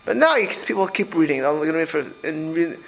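Male rabbi, rapid animated sermon, slightly high voice, stumbling restarts. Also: creaky, a little hiss or hum, rough recording. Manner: rapid, animated, with many restarts and repeated words. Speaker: rabbi giving a Torah class. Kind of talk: informal sermon to a group.

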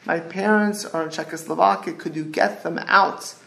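Brief: man doing a sobbing orphan boy, pleading, voice pitched up and gravelly. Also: steady tone, moderate pace, sharp tone, slight background noise, exaggerated voice. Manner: crying, begging.

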